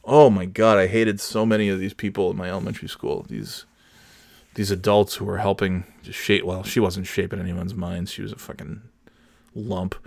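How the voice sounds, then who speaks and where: A man's voice: low voice, normal speed, creaky, dry recording. A man telling stories in a casual, profane rant about school and parenting. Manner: profane, animated storytelling. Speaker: podcast host, parent. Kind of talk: casual ranting monologue.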